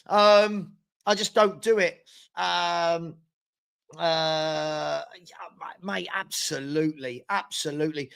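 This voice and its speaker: A man's voice: a little high, fairly even intonation, slow, gravelly, a bit bright, clear, resonant tone. A young man chatting casually as host of a live football watchalong, reading out and answering viewer comments. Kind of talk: casual live-stream chat.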